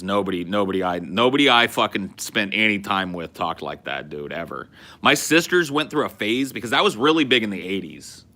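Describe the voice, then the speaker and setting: Here's a podcast host, a man in his forties from California, whose low voice sounds pushed and bright. His casual chat is loose, profane storytelling, riddled with restarts.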